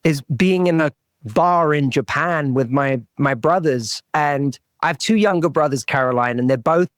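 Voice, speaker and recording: A man's voice: a little high, normal speed, no echo, clean studio sound. A man who works as a relationship coach, talking as a guest in a podcast interview, telling a personal story earnestly and often restarting and repeating words.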